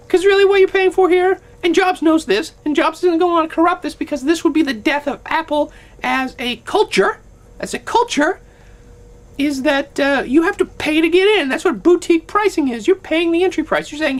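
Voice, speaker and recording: A woman rants on camera in a high voice, sarcastic and animated. She riffs through an opinionated commentary, slipping into mocking asides. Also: normal speed. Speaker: vlogger.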